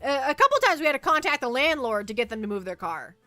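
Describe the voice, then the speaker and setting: Woman, casual livestream chat, fairly high bright voice, dry close sound. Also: fast, dry recording, soft background music. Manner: rambling, animated storytelling, reads chat aloud. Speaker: VTuber streamer.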